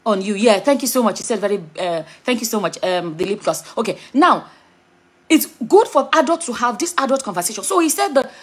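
A woman's voice: a little high, expressive, brisk, slightly rough. A middle-aged Nigerian woman with a Nigerian accent, chatting frankly to camera on her vlog, wandering off topic and back. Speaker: vlogger. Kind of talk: casual commentary to camera.

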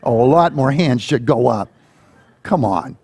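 A man preaching a sermon as a church pastor, telling a Bible story with lively acted-out voices. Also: mid-range voice, unhurried, breathy edge, dry recording. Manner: animated storytelling, acting out quoted voices.

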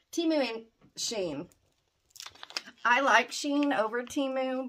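A woman's voice: mid-range voice, fairly bright tone. A middle-aged woman opening fan mail, gushing and exclaiming over each gift. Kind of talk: excited unboxing chat.

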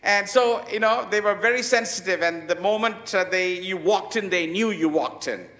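A man preaching a sermon in an emphatic way, with many pauses and fillers. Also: high-pitched, bright, forceful tone, echoey room. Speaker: pastor.

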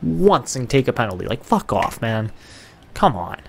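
Gravelly young man cursing at a game. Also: medium pitch, very animated, normal speed, a little hiss or hum. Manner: frustrated, swears at the game. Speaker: gaming YouTuber. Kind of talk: casual gameplay commentary.

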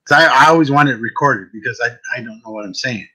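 A man with a fairly deep voice and a bright, forceful tone, hosting a casual chat. He tells stories in an animated way, restarting and repeating words as he goes. His pitch sits in an ordinary middle range. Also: quick pace, slightly rough, low-quality recording. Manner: animated storytelling, often repeats words at the start of a thought. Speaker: host, psychic medium.

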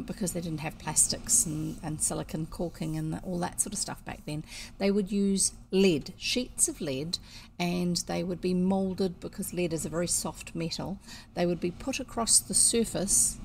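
Gravelly chatty New Zealand woman. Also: on the low side, a little mellow, a little hiss or hum. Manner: chatty, explains with fillers. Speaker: audiobook reader. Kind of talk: storybook reading with casual explanations.

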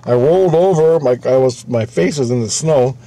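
A man's voice: mid-range voice, moderate pace, warm tone, voice pushed up, close to an everyday voice, rough recording. A man quoting a shaken woman friend. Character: shaken young woman friend recounting a close call.

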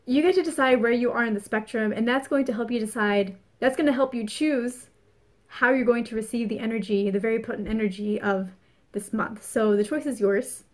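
A woman's voice: a little high, fairly even intonation, a little fast. A woman giving a casual spoken astrology forecast, chatty and earnest, repeating phrases for emphasis. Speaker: spiritual reader.

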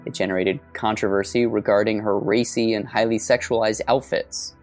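Co-host reading over soft music. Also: medium pitch, fairly even intonation, normal speed. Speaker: podcast co-host. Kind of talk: reading scripted narration and casual chat.

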